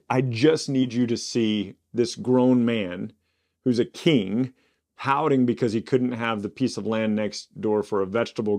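A man hosting a Bible study podcast, reading scripture aloud and breaking off into casual, animated asides. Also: mid-range voice. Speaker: Bible teacher.

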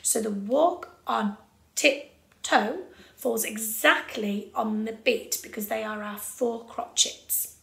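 A woman leads a children's music lesson in a bright, slightly gravelly voice. She explains each step patiently and keeps a steady beat. The room around her sounds echoey. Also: on the high side. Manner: clear, patient, rhythmic instruction. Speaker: music teacher.

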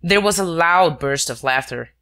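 A bright, clear reading voice narrating a classic detective novel. The delivery is measured and steady, every sentence laid out evenly for the listener. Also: mid-range voice. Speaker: audiobook narrator.

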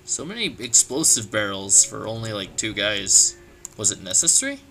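A man giving joking gameplay commentary while playing, animated and quick to break into shouts and laughter. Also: lowish voice, faint music behind. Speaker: let's play gamer.

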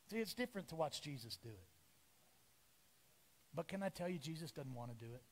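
A middle-aged male pastor preaching a sermon, lively and storytelling, acting out the voices of the people in his story. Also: on the high side, a little fast, long pauses, in a large hall. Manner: animated, acts out voices of biblical figures. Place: church sanctuary.

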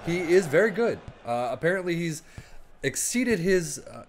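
A man casually commenting on his own football management game as he plays, thinking aloud and breaking into quick play-by-play. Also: on the high side, big pitch swings, background noise. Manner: chatty, rambling, thinks aloud, bursts into play-by-play. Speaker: gaming YouTuber.

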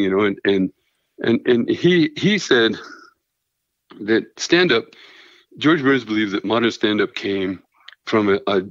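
A middle-aged man telling stories in casual chat, halting and full of restarts, with a self-deprecating manner. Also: lowish voice, a bit bright, no room sound. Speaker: guest comedian and veterinarian. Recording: dull lo-fi sound.

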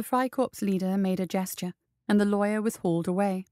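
A woman narrating an action story in a steady, measured reading. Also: medium pitch, no room sound, studio quality.

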